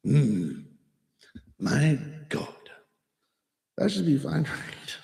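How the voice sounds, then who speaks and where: A man's voice: fairly high pitch, sing-song, very slow, vocal fry, pauses often, a little mellow, echoey room, big-room sound. A man hosting a casual livestream, rambling, interrupting himself and laughing at his own mishaps. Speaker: host. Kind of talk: casual livestream chat between song attempts.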